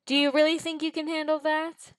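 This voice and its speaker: A woman's voice: high voice, level tone, a little fast, voice pushed up, close to an everyday voice. A boastful young male fire demon talks down to everyone in a haughty, condescending tone, as a woman reads him aloud. The voice sits in a dry, close space with no echo. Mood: smug.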